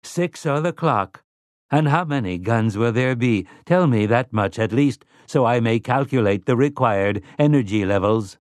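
A man's voice: mid-range voice, lively intonation, measured pace, dry recording, clean studio sound, close to an everyday voice. A man voicing a smug, stiffly polite robot. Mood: smug politeness. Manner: formal, stiff, courtly phrasing. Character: smug, overly polite male robot servant.

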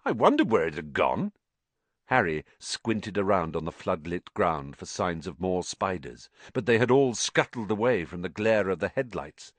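A man reading a story aloud as an audiobook narrator in an expressive, dramatic way. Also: low voice, normal speed, hardly any pauses, dry recording.

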